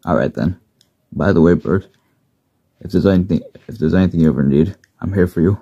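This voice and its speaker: A friendly engine, voiced by a man with a very deep, dark, husky voice, plain and supportive. The recording is dull and lo-fi. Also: fairly quick, no room sound, exaggerated voice.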